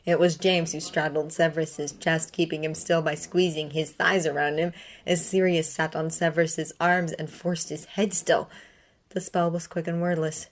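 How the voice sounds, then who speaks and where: A woman reading fan fiction aloud in a measured narrating manner. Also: sits low, flat delivery. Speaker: reader.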